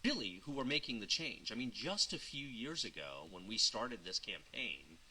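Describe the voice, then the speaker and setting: Deep voiced guy, measured and serious, bright tone. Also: very animated, slight background noise, rough recording. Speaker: dog trainer in a played clip. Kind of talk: calm spoken commentary.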